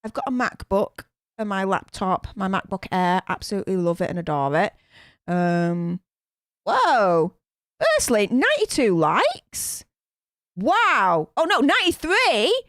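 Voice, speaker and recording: A woman with a Northern English accent talks a little slowly at medium pitch, captured in clean studio sound without echo. Hosting a live reaction stream from home, she chats excitably, gushing thanks and using many fillers.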